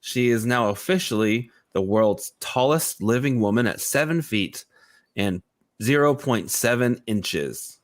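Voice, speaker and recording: Lively-voiced male morning show co-host. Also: medium pitch. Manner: halting, lots of restarts and fillers, reads out news items. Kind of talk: casual morning show banter.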